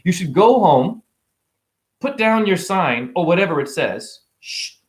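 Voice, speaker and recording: A man giving a rambling spiritual monologue to camera, animated and preachy, joking, exclaiming and swearing casually. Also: sits high, measured pace. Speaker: spiritual vlogger.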